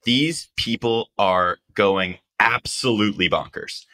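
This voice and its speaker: Low, bright-toned man telling a story. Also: slow. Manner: animated, acts out quotes, lots of "like". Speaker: journalist guest. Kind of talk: casual storytelling.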